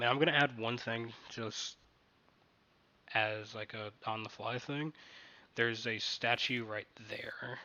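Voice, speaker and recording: Acting as game master for a tabletop game playtest, a man narrates haltingly and keeps restarting his sentences. His mid-range voice has a sharp tone, and the high frequencies are cut off.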